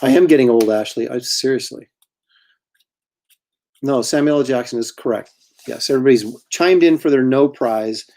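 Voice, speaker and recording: A man's voice: medium pitch, normal speed, pauses often, darkish tone. A middle-aged man, a comic artist, chatting casually while drawing, rambling and self-deprecating with frequent chuckles.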